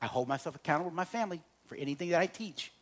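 A middle-aged man speaking to an audience about relationships, telling humorous stories and swinging between loud and quiet. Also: on the high side, animated, rapid-fire. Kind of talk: humorous storytelling talk to an audience.

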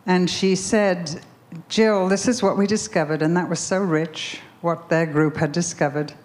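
A woman's voice: fairly low pitch, steady tone, a little slow, darkish tone. A woman preaching a sermon, telling a story with emphatic repetition before leading a prayer. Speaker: speaker at a Bible conference.

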